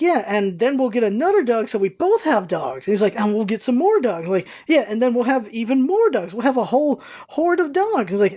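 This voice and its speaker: A woman vlogger telling a story in a casual, animated way, acting out quoted lines in a raised voice. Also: fairly high pitch.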